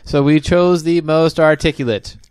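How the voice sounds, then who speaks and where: A man voicing a formal, deadpan male alien visitor in an improvised comedy scene, speaking slowly and stiffly. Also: on the high side, clear, resonant tone, dry recording, close to an everyday voice. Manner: slow, stiff, formal diction.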